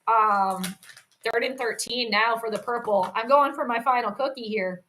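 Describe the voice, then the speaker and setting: Bright high-voiced woman streaming game commentary. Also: moderate pace, a little hiss or hum. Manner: chatty, reacts to plays, reads chat comments. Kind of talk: live play-by-play commentary stream.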